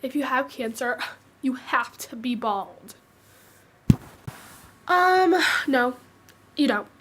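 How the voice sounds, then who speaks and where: Teen girl vlogging, high voice, lots of ums and restarts, casual. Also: animated, takes it slowly, fairly bright tone, a little hiss or hum. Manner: hesitant, many fillers and restarts. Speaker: vlogger sharing her cancer story. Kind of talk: casual personal storytelling.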